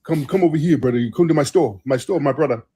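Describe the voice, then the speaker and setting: A man's voice: fairly high pitch, fast talker, dark tone, slightly rough. A man voicing a pushy, overly friendly male street hustler who calls out to passersby, on a casual livestream. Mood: wheedling.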